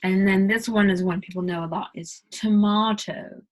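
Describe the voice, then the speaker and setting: An American woman vlogger casually explains pronunciation in an accent tutorial, chatty and leaning heavily on "like" as a filler. Her mid-range voice holds a steady tone at a moderate pace. The audio is poor.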